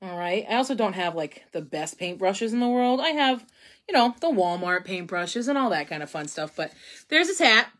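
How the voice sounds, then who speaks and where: A woman's voice: medium pitch, big pitch swings, moderate pace, a bit bright, poor audio. A woman, hosting a casual live painting tutorial, chatty and rambling as she talks to viewers while she works at home. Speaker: craft live-stream host.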